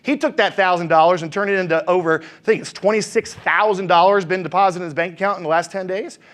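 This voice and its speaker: A man's voice: sits high, fairly even intonation, fast talker, a bit bright. A man training salespeople, telling stories with energy and asking his audience questions. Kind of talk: motivational talk with stories.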